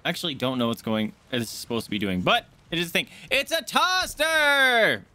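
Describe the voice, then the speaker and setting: Lively bright-voiced male game streamer. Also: mid-range voice, fast talker. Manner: chatty, excitable, greets chat viewers. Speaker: gaming streamer. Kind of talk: casual live-stream chatter over gameplay. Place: home streaming setup.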